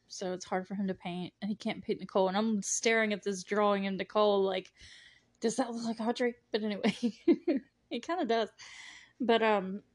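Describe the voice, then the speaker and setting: A woman's voice: mid-range voice, a little mellow. A woman hosting a podcast, recapping a movie in casual chat, giggling often and gushing with lots of filler words. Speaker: podcast host.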